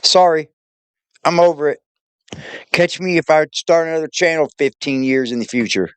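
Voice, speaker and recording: A man's voice: on the high side, moderate pace, clean tone, no room sound. A man hosting a reaction show, casual, profane and mocking, laughing often. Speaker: reaction channel host.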